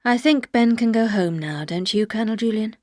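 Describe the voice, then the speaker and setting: A woman voicing a calm, reserved gentleman who speaks quietly. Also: a little high, a little fast, dry recording, clean studio sound, natural voice.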